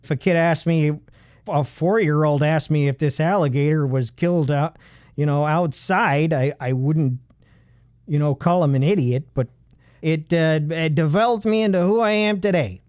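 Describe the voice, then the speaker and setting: رجل بصوت عالٍ قليلًا يثرثر بجدية ساخرة. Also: male voice, a little high, darkish tone, clean tone, dry recording, studio quality. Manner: halting, full of fillers and restarts, mock-earnest. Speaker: comedy podcast host. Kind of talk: deadpan rambling comedic monologue.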